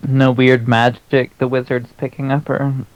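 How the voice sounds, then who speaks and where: A man's voice: medium pitch, flat delivery, unhurried, no room sound, poor audio. A man playing a tabletop game, joking brashly and swearing often. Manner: brash, profane banter. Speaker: player.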